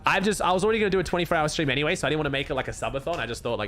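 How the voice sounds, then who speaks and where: A man's voice: a little high, animated, very fast, fairly bright tone, soft background music. A young Australian man streaming casually, laid-back and cursing freely as he thanks viewers and comments on the game.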